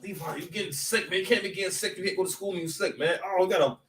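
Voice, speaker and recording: A man's high, slightly bright voice races along as he gives casual, joking battle rap commentary at home, his son nearby. His talk rambles, with many repeats as he stops and starts. He was recorded from a distance, off-mic in an echoey room.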